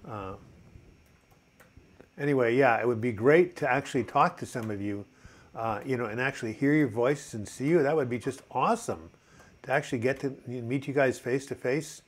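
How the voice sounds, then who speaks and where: An older man with a mid-range voice hosts a relaxed mental health live chat at normal speed. He reads out comments from viewers in a cheerful, chatty manner, leaning on plenty of fillers.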